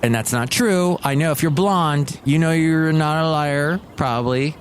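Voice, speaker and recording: A man hosting his own solo podcast, rambling in a casual, excitable, grumpy joking manner. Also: a little high, measured pace, slight background noise. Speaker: podcast host.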